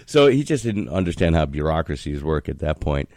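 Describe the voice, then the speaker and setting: A man's voice: rumbling low, big pitch swings, a little fast, a little mellow, no echo, studio quality. A man hosting a casual chat, telling family anecdotes and acting out voices in them. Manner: storytelling, acts out voices in anecdotes.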